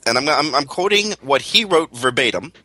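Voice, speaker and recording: A man's voice: medium pitch, expressive, moderate pace, pushed and bright, dry recording, low-quality recording. A Canadian man co-hosting a radio talk show in casual chat, joking and rambling with lots of fillers and restarts.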